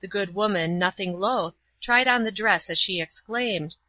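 A woman narrating a story aloud as an audiobook reader, in a steady, even storytelling way. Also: medium pitch, normal speed, hardly any pauses, dry recording, dull audio. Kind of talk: scripted narration.

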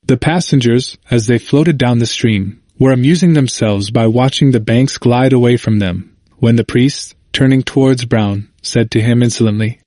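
Measured male narrator, dry sound. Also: mid-range voice, no room sound. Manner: steady, measured reading, quotes read with only slight lift. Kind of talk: scripted narration of a history book.

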